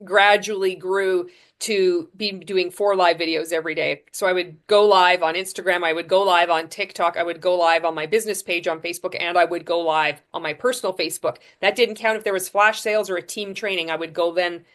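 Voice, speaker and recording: A woman guest on a podcast, telling her story frankly, with lively restarts and fillers. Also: lowish voice, brisk, hardly any pauses. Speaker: podcast guest, former MLM seller. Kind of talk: candid storytelling interview.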